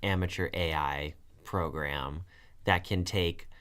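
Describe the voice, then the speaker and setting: Man, podcast co-host, low-pitched voice, casual chat, quick reactions, swears. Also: fairly bright tone, smooth. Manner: reacting with quick interjections, swears, thinks aloud.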